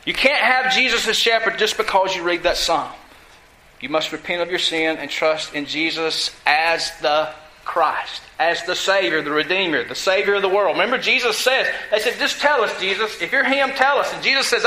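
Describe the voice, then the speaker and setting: A man's voice: high-pitched, normal speed, pushed and bright, echoey room, low-quality recording. A male pastor preaching a sermon, asking the congregation questions and repeating lines for emphasis.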